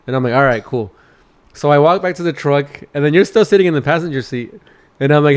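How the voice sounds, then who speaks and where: A man's voice: on the high side, fast. A man co-hosting a podcast, telling stories in a casual chat, swearing and laughing as he talks. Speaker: podcast co-host; truck driver.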